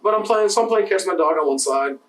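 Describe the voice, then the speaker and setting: A man, a bartender co-hosting a podcast, telling animated stories in casual chat, acting out the exchanges and swearing freely. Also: high-pitched, fast, reverberant, far from the mic. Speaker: podcast co-host.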